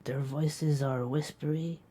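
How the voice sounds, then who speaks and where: A woman's voice: deep voice, steady tone, slow, husky, full character voice. A woman voicing a drowsy, doting companion. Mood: affectionate. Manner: soft-spoken, drowsy and affectionate. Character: sleepy, doting young female companion.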